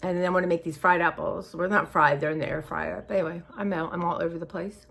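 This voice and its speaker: A woman's voice: fairly low pitch, fairly even intonation, quick pace, vocal fry, a bit bright. A woman vlogging in a casual, rambling way, chatty and scattered, sounding tired and emotional. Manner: scattered, chatty, says y'all often. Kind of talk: casual rambling chat to viewers.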